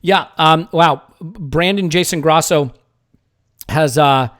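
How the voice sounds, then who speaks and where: A man's voice: fairly high pitch, takes it slowly, a bit bright. A man hosting a live sports podcast, jokey and rambling. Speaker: podcast host.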